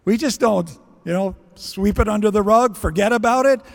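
A man's voice: high-pitched, normal speed, creaky, long reverb tail. A man preaching a sermon in earnest, acting out prayers and bits of dialogue as he goes. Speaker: pastor.

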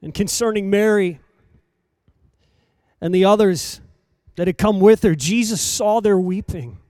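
High-voiced preacher man, dry and close. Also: a little slow, smooth, no room sound. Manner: dramatic, swinging between soft and loud emphasis. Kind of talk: sermon.

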